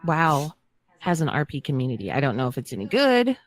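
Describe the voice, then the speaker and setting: Chatty podcast co-host woman, lively low voice. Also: fairly quick. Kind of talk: casual chat.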